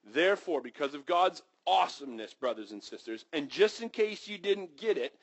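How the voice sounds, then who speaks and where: A man delivers an animated sermon as a story, voicing characters with sudden high yelps and dropping to a hush for reverent moments. He speaks at normal speed, and the recording is rough.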